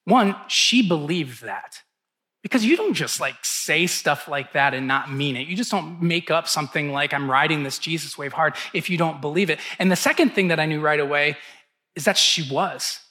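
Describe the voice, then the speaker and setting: A man's voice: a little high, moderate pace, sharp tone. A man in his thirties, a pastor giving a conversational sermon, telling stories and acting out what people said. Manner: conversational storytelling, acts out quotes.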